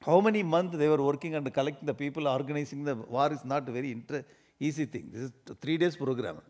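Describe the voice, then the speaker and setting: Speaking quickly in an Indian English accent, a spiritual teacher gives a humorous discourse in a voice slightly high for a man. He is animated, laughs often, and acts out little everyday scenes to make his points.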